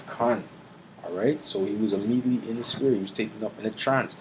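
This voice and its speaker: A man giving an informal Bible teaching, mixing street slang and swearing with slow, deliberate scripture reading. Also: fairly low pitch, slight background noise, rough recording.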